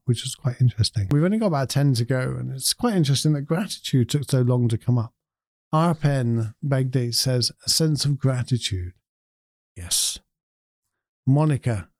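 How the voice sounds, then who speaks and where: A man's voice: medium pitch, lively intonation, normal speed, darkish tone, no echo, clean studio sound. A man hosting a casual chat, reading out viewer comments and reflecting on each with frequent chuckles.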